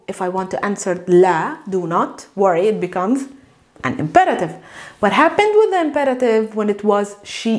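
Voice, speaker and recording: A woman with a Palestinian Arabic accent, a native Arabic speaker, teaching an online language lesson in an animated, patient way, repeating words slowly for learners. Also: a little high.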